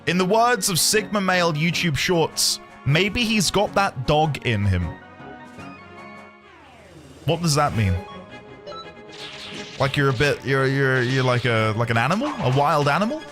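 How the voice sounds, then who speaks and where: A man's voice: a little high, sing-song, unhurried, music in the background. A man streaming gameplay, casual and self-mocking, joking with his viewers.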